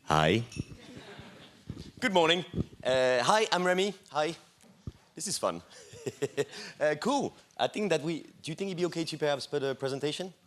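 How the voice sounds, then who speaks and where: A man's voice: fairly high pitch, big pitch swings, moderate pace, pauses often, fairly bright tone, slight background noise. Chatty French-accented man in his thirties. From France. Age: 30s. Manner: chatty, self-deprecating, many fillers and restarts. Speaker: bar owner giving a talk. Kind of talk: casual conference presentation. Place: conference stage.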